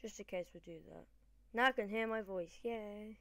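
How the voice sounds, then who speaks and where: A woman's voice: mid-range voice, moderate pace, sharp tone, no echo, soft background music. Chatty British woman narrating gameplay. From Britain. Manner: chatty, rambling, self-correcting. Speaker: gaming channel host. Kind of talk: casual gameplay commentary.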